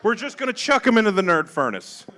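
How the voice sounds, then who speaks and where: A man's voice: sits high, big pitch swings, fast, pushed and bright. A man hosting a comedy show, telling profane stand-up stories and acting out the dialogue on a club stage. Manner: profane storytelling, acts out dialogue. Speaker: comedy show host and comic.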